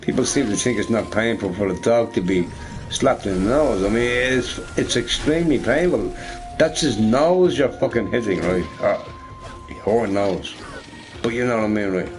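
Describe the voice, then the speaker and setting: A man's voice: on the low side, normal speed, soft background music. A man streaming a game, chatting casually with viewers in a rambling, profane, joking way.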